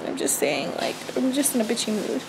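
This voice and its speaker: Pregnant young woman vlogger, bit high, rambling and cranky, faint noise behind. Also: very animated, brisk, creaky. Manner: rambling, chatty, cranky and stressed. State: pregnant and tired. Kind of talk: casual vlog chat.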